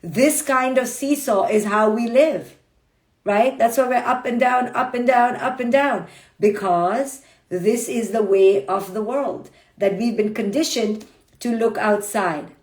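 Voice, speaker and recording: Blunt, emphatic woman in a roomy echo. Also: on the high side. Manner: blunt, brisk and emphatic, acting out inner voices. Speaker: clinical psychologist and author. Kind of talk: motivational livestream talk. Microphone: phone livestream.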